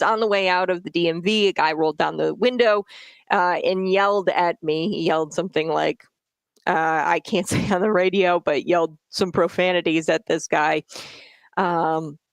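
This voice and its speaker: A woman's voice: on the low side, dry recording. A woman commenting on the radio in an indignant, sarcastic way, with many fillers and restarts.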